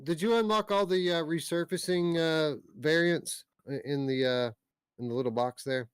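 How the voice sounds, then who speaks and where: A man's voice: fairly high pitch, moderate pace, smooth, dry recording. A man hosting a casual podcast, ranting bluntly about small annoyances and reading out viewer comments. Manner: blunt, ranting, reads out chat. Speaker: podcast host.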